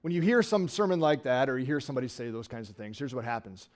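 A man's voice: medium pitch, fast talker. A pastor preaching a sermon to his congregation in a church, talking conversationally and asking rhetorical questions. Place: church sanctuary.

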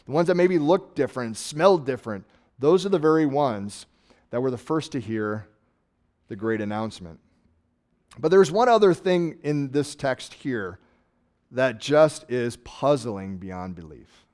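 A man preaching a sermon in a conversational, reflective way, slowing down to stress key words. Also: mid-range voice, darkish tone. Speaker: pastor.

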